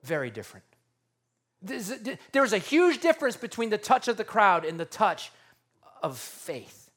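A man's voice: sits high, moderate pace. A male pastor preaching a conversational sermon, acting out the scenes as he tells them. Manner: animated, conversational, acts out scenes.

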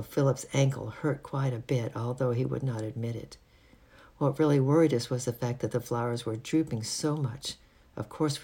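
Husky, gravelly amateur audiobook narrator for a children's book, a few stumbles. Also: medium pitch, warm tone. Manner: occasional slips and restarts. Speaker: audiobook reader. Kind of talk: reading a children's book aloud.

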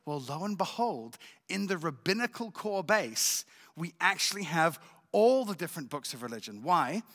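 A man from Israel sharing his personal testimony as a guest speaker at a church service, with animated storytelling and frequent check-ins with the listeners. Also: fairly high pitch, normal speed, big-room sound. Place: church sanctuary.

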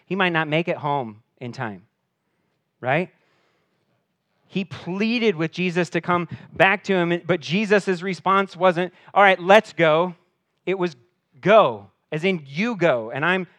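A man's voice: on the high side, unhurried, no echo. Earnest preaching man, dry close sound. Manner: earnest preaching, rising for emphasis then dropping quiet; repeats words as he restarts. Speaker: pastor. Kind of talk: sermon.

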